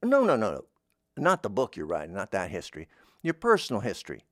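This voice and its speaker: A man's voice: fairly low pitch, huge pitch swings, fairly quick, no room sound, clean studio sound. A man hosting a comedic interview, talking in a rambling, digressive way. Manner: rambling, digressive, with playful voices. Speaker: host.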